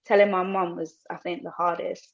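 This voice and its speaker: A woman's voice: fairly low pitch, fairly quick, creaky, lo-fi sound. A young woman from Colombia with a British English accent, telling her story as a podcast guest and slipping Spanish phrases into her English. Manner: animated, acts out other people's lines. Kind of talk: casual storytelling.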